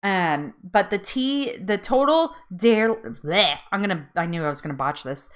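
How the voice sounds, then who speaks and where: A woman's voice: mid-range voice, expressive, moderate pace. A woman in her thirties hosting a casual live chat, chatty, laughing often and tripping over words. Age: 30s. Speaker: host.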